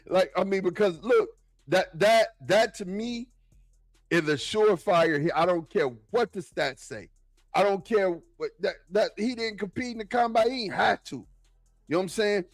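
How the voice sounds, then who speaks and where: A man talking football in a casual, excitable, slangy way, often repeating himself. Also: high-pitched, unhurried, dry recording. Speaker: football podcast guest. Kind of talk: casual sports talk.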